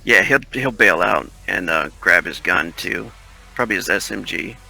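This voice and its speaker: A man's voice: low voice, lively intonation, normal speed, gravelly, pushed and bright. A man playing a tabletop game, talking offhand through his character's moves. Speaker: player. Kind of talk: casual tabletop play.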